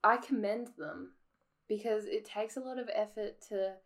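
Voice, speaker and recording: A woman's voice: mid-range voice, steady tone, moderate pace. A woman with an Australian accent co-hosting a podcast, chatting casually with frequent laughs and filler words. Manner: giggly, lots of "like" fillers. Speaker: podcast co-host. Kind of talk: casual chat.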